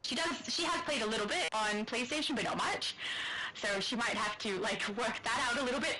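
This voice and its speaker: A woman's voice: on the high side, fairly quick, rough recording. A woman with an Australian accent chatting casually as a guest on a gaming livestream, laughing often between remarks, over a voice call. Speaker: guest streamer. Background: game music playing loudly.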